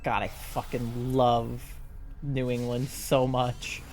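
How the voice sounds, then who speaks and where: A chatty live streamer from the Southern United States, with a mild Southern accent, talks casually while gaming, swearing loosely and often laughing despite a sore throat. His voice is mid-range and darkish, with a flat delivery at a slow pace. Faint music plays behind him.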